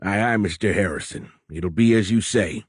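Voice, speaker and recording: A male narrator voicing a rough, blunt navy quartermaster in an audiobook. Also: fairly low pitch, normal speed, no room sound, studio quality. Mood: dutiful. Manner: rough, blunt sailor talk. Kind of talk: audiobook character voice.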